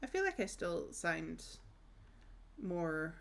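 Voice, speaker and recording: A woman's voice: lowish voice, very animated, slow, creaky. A young woman from northeast Scotland with an Aberdonian accent, chatting casually and rambling through stories while streaming a game. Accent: northeast Scottish (Aberdonian). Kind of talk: casual chat while gaming.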